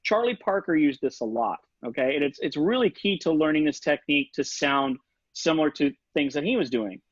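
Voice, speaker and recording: Man, saxophone teacher, higher voice, casual, scat-sings examples, dull video-call sound. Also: expressive, a little fast, dry recording. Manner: casual, sings rhythms and articulations with scat syllables. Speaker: saxophone instructor. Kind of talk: online music lesson. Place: home setup for a virtual session.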